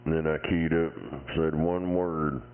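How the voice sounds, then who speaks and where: Super deep guy cussing folks out on cb, tinny radio sound. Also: steady tone, unhurried. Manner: gruff and taunting, heavy swearing. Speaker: CB radio talker. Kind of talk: profane CB radio banter. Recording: tinny radio transmission with faint noise.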